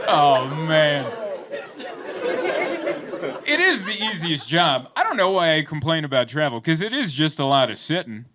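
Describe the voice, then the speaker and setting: Animated male stand-up comic, loud crowd. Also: fairly high pitch, measured pace, long pauses. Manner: animated storytelling, acts out voices. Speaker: stand-up comedian. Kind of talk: stand-up comedy set. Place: comedy club stage before a laughing crowd. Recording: loud crowd laughter and room noise.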